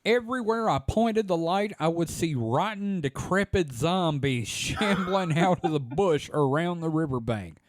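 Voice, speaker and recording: A man's voice: fairly high pitch, measured pace, hardly any pauses, no echo, clean studio sound. A man with a Southern US accent hosting a podcast, reading a story aloud and joking with his co-hosts. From southern United States. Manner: animated, joking. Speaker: podcast host.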